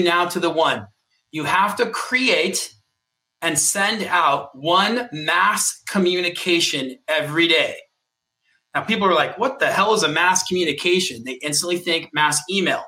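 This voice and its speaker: Bright, punchy motivational man. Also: sits high. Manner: emphatic, punchy coaching delivery. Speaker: podcast co-host and mortgage coach. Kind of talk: motivational podcast talk.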